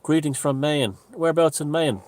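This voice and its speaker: A man hosting a casual live stream from a room at home, greeting viewers and chatting in a relaxed way. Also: fairly high pitch, normal speed. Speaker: livestream host. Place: room at home with the window open.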